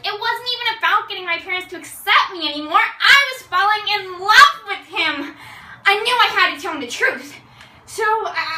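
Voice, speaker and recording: High, bright young woman in a roomy space. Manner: theatrical, excitable, with dramatic slow pauses. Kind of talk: comic character monologue. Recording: roomy sound from a distant mic.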